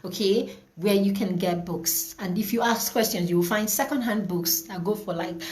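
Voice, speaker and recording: A woman hosting a live online parenting class over a video call, chatty and warm-voiced, greeting viewers by name and often repeating herself. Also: medium pitch.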